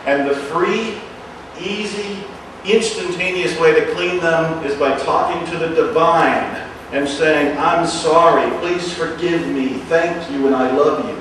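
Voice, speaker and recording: Man, self-help speaker, earnest motivational delivery, distant mic in a boomy room. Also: a little slow, very echoey, a little hiss or hum. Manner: earnest, repeats phrases in a hushed soft voice. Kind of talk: motivational talk to an audience.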